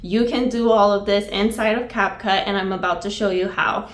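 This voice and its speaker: A woman's voice: medium pitch, fairly even intonation, moderate pace. Upbeat woman with a nasal cold voice. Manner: upbeat, enthusiastic. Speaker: video tutorial host. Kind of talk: screen-recorded software tutorial.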